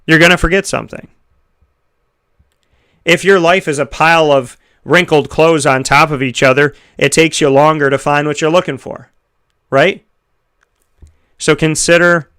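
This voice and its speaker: A man's voice: a little high, steady tone, unhurried, pauses often, fairly bright tone, clean tone. An American man hosting a talk show segment, giving an earnest, reflective motivational talk full of rhetorical questions. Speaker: radio show host.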